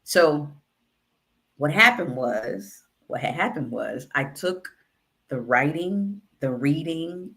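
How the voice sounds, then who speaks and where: A woman who works as a writing consultant and author coach, telling a story in a casual, animated way and acting out the dialogue. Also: deep voice, slow pace. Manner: animated, acts out quoted dialogue.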